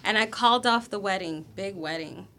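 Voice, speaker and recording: A woman's voice: mid-range voice, moderate pace, pushed and bright. A woman in a casual group conversation, earnestly recounting a personal story.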